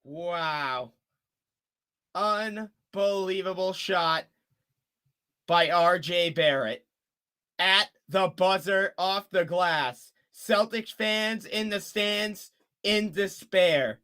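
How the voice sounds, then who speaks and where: A young man giving fan play-by-play commentary of a basketball game, excitable and openly rooting for one team. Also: high voice, drawn-out words, clear, resonant tone.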